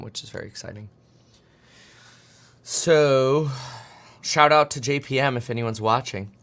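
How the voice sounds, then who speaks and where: Man in his 30s, casual livestream host; quick, rambling, jokey delivery while working charts. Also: mid-range voice, a bit bright. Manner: fast, rambling, jokey, talks to himself while clicking charts. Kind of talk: casual market commentary livestream.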